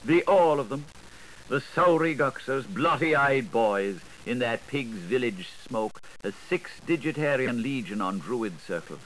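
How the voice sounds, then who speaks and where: A man's voice: mid-range voice, lively intonation, unhurried, fairly bright tone, slight background noise, poor audio. A man giving a dramatic literary reading in a playful, rhythmic, sing-song manner. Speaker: reader.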